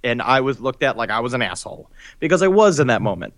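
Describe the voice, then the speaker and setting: A man's voice: medium pitch, sing-song, fast, fairly bright tone, dry recording, studio quality. A man co-hosting a podcast in casual chat, rambling and jokey, with crude humor and lots of restarts. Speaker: podcast co-host.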